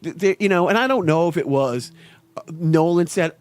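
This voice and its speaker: This is a man co-hosting a podcast, with a slightly raised pitch, recorded dry and close. He rambles with enthusiasm, stacks restarts and acts out scenes he loves. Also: moderate pace, no echo. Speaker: podcast co-host. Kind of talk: casual chat.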